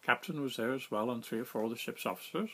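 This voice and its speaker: A man reading his own story aloud in a wry, self-mocking, lively way. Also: mid-range voice, fast, breathy edge. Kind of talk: storytelling narration.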